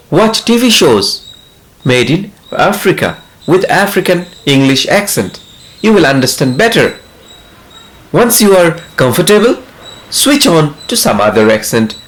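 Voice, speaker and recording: A man from India talking earnestly as an English tutor, giving step-by-step advice straight to the listener. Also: mid-range voice. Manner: earnest, advising the listener directly. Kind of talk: instructional talk to camera.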